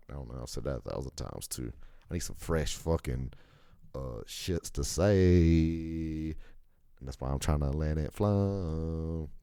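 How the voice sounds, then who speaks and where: A man's voice: extremely low pitch, warm tone, clean tone, no echo, clean studio sound. A young American man hosting a podcast alone, rambling and ranting with heavy profanity. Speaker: podcast host. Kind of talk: casual solo monologue.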